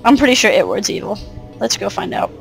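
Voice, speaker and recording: A woman's voice: mid-range voice, fast, vocal fry, faint music behind, rough recording. A woman giving casual let's play commentary, chatty with muttered asides and mild swearing. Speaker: game player.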